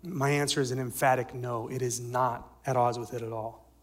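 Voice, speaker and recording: A male pastor giving a sermon, swinging from loud emphatic lines to soft near-whispers and asking the congregation questions. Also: mid-range voice, steady tone, normal speed. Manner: asks the congregation rhetorical questions.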